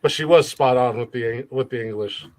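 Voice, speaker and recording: A man's voice: medium pitch, fairly quick, a little mellow. A man hosting a comedy podcast, swearing freely and laughing often. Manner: profane, laughs often, repeats words for jokes. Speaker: podcast host. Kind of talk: crude comedic banter.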